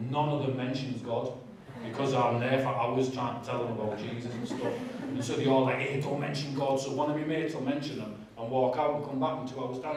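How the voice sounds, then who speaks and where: A man sharing his testimony in a church, with animated, self-mocking storytelling and asides to the audience. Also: mid-range voice, background noise. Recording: echoey church hall, distant mic.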